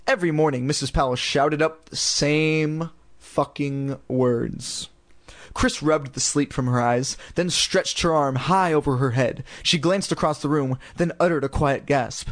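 A man's voice: fairly high pitch, measured pace. A man reading a children's story aloud in a casual, irreverent way, throwing in crude ad-libs. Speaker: reader.

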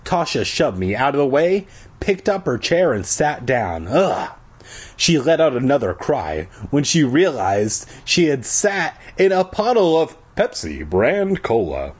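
Husky man doing a sarcastic reading. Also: medium pitch, very animated, a little slow. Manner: sarcastic, crude. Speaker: reader. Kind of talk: comedic book reading with crude asides.

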